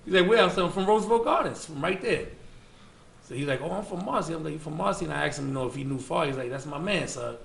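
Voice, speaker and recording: A slightly high, gravelly, somewhat bright voice at a quick pace belongs to a Bronx man with a New York accent. As an interview guest he rattles off casual, slangy stories with plenty of fillers, in an echoey room with faint ambient sound.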